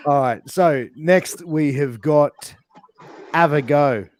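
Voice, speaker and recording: A man's voice: on the high side, slow pace. A man with an Australian accent hosting a podcast, playfully quizzing a guest on slang and explaining the answers. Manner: playful, explains slang with silly example voices. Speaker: podcast host. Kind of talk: casual interview game.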